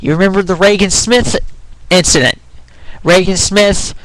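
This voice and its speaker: A man's voice: sits high, steady tone, normal speed, fairly bright tone, no room sound, poor audio. A young man ranting in a frustrated, rambling way, restarting his sentences and swearing, his voice sometimes cracking. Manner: swears while arguing. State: voice cracks when pitch rises. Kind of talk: ranting opinion vlog.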